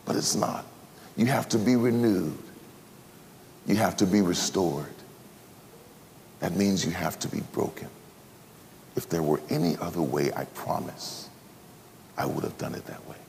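A preacher voicing a hushed, consoling Jesus. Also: male voice, low-pitched, vocal fry, big-room sound, a little hiss or hum. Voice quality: hushed, partly whispered. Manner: soft, slow, consoling. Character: gentle, sorrowful Jesus comforting a believer. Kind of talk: sermon role-play.

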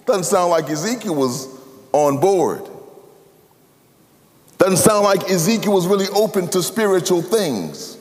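A man preaching a sermon, his cadence sweeping from loud, high emphasis down to low, hushed tones. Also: sing-song, a little slow, long pauses. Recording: long hall reverb.

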